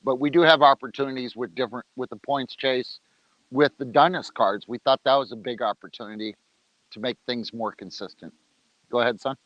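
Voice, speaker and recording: A man's voice: mid-range voice, steady tone, fairly quick, no room sound. Guy on a livestream chatting loose and jokey, mouth full sometimes, dull dry lo-fi sound. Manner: loose, joking, talks while eating. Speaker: organization leader on a livestream. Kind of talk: casual livestream talk. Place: outdoors, rain coming.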